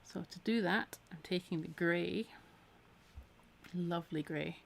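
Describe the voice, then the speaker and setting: A woman's voice: lowish voice, unhurried, gravelly, a little hiss or hum. A Scottish woman giving a live needle felting tutorial in a chatty, encouraging way, her voice a little tired from a week of talking. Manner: chatty, encouraging, talks while working. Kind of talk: live-streamed craft tutorial.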